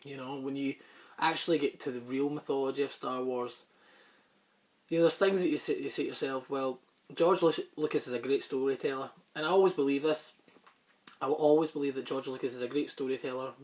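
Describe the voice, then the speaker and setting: A man hosts a casual movie chat, rambling along in an offhand way. His throat is sore, so coughs and throat-clearing break into his talk. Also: medium pitch, steady tone, brisk. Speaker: host.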